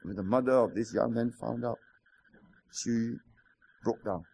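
A man's voice: mid-range voice, unhurried, gravelly, darkish tone, slightly rough. A man, preaching a sermon with stories, rhetorical questions and emphatic repetition. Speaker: pastor.

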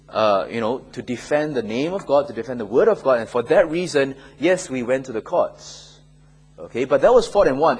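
A man answers questions in a Bible class, his voice somewhat husky and breathy. He talks in a loose, conversational way at an ordinary pitch, often tagging his points with "okay?" or "right?". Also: poor audio.

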